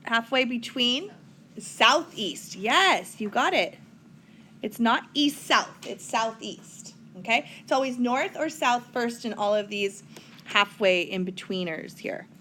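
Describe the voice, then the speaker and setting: A woman's voice: a little high, expressive, slow, pushed and bright, a little hiss or hum. A woman teaching a recorded whiteboard math lesson, chatty, with playful asides to her students.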